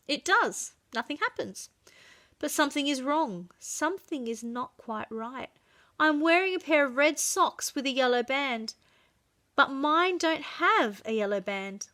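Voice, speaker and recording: A woman reading a children's chapter book aloud, with expressive, dramatic storytelling. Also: on the high side.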